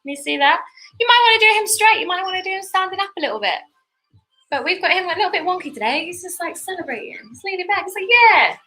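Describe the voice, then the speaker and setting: A woman's voice: extremely high pitch, animated, fast. A woman with a British accent teaching kids to paint step by step, chatty and encouraging. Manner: encouraging, chatty, laughs easily. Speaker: art teacher co-host. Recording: echoey room with soft music.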